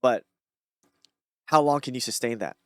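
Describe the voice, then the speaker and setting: A man's voice: mid-range voice, normal speed, darkish tone, clear, resonant tone, dry recording, studio quality. A man talking casually on his own, reading short thoughts aloud and musing on them in a rambling, reflective way. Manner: rambling, reflective, many fillers and restarts. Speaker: streamer.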